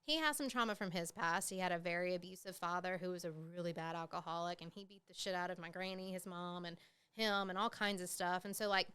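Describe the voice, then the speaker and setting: A woman's voice: fairly low pitch, fairly even intonation, brisk, pushed and bright, clean tone. A woman, hosting a podcast and telling her own story candidly, with plenty of fillers and swearing. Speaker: podcast host. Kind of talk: casual personal storytelling.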